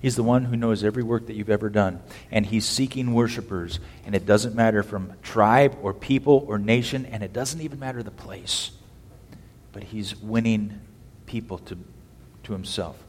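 A man preaching a sermon as pastor, swinging from loud, emphatic bursts down to quiet, low phrases. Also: normal speed. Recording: long hall reverb.

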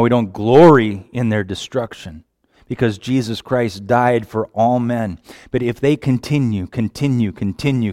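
A man preaching a sermon with passion, moving from quiet, reflective lines to sudden wailing cries. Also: on the low side, dry recording, clean studio sound.

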